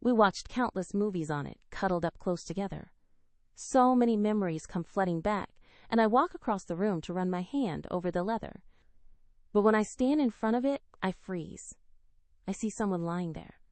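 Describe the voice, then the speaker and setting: Woman narrator, emotional first-person romance read, lively pitch, dry close sound. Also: moderate pace, dry recording. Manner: emotional, expressive reading. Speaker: audiobook narrator.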